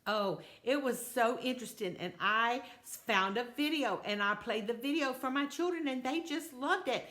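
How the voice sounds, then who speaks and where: A woman's voice: fairly high pitch, lively intonation, normal speed, a bit bright. A woman voicing a cheerful, earnest mother toad in a children's story, with an eager, sing-song manner.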